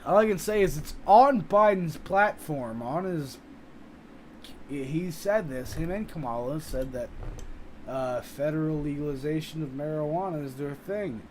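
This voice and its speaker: A man chatting casually on a live stream, reading viewer comments in a rambling, profane, animated way. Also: a little high, measured pace, a little hiss or hum, rough recording. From United States.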